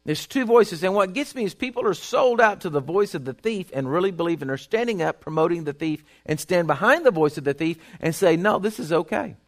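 A man's voice: high-pitched, expressive, a little fast, hardly any pauses. A man preaching a sermon in an emphatic, folksy way, repeating his points and reading Bible verses aloud.

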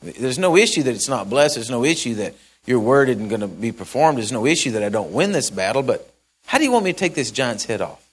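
A man preaching a sermon in a folksy storytelling way, acting out the characters and repeating phrases, swinging from loud to soft. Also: medium pitch, very animated, fairly quick, slightly rough.

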